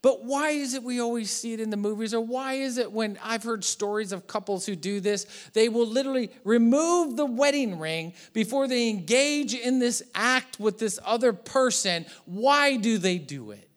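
A man preaching a church sermon, animated and joking, acting out little asides as he goes. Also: very high voice, normal speed, few pauses. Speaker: pastor.

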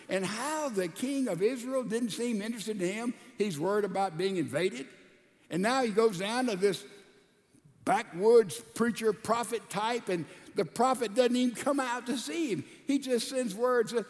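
A man with a fairly high voice preaches, retelling a scripture story in a folksy, conversational way. He acts out the characters' lines as he goes. His voice carries a long reverb from a large hall. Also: lively intonation, normal speed. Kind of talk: storytelling sermon.

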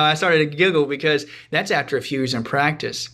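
A man's voice: fairly high pitch, brisk, pushed and bright. A man guesting on a podcast, telling a story casually and chattily, with frequent restarts and asides.

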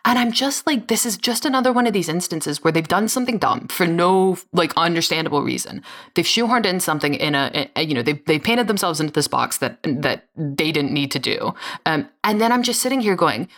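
Low-voiced woman ranting in casual chat. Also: lively intonation, a little fast, a bit bright. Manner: ranting, profane, sarcastic. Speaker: podcast co-host.

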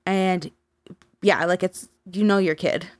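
Podcast co-host, woman, lowish voice, casual storyteller, dry close sound. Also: fairly even intonation, takes it slowly, no echo. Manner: casual, swears, many fillers like "like" and "um".

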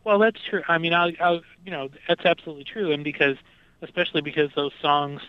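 A man's voice: fairly high pitch, fast talker, clear, resonant tone, no echo, muffled recording. A man talking casually about music, with lots of fillers and restarts as he thinks aloud. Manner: hesitant, many fillers and restarts.

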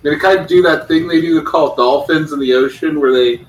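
A man's voice: a little high, a little fast, low-quality recording. A young adult man playing in a tabletop game, blunt and joking, swearing casually in and out of character. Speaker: player. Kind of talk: tabletop role-play, in and out of character.

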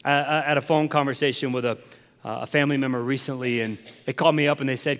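A man's voice: mid-range voice, fairly even intonation, fast, fairly bright tone, big-room sound. A man preaching a sermon as a pastor, conversational and earnest, building to passionate emphasis.

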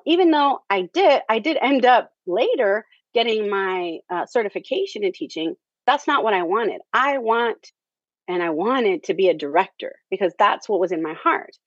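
A woman's voice: fairly high pitch, breathy edge, no room sound. A woman telling her story in a chatty, conversational way, often leaning on "you know" and "um". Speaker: theater director, interview guest. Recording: dull lo-fi, dry.

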